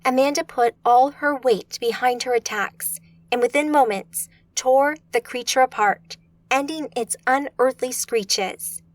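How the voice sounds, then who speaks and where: A woman's voice: sits high, a little slow, no echo. Woman narrating a fantasy audiobook.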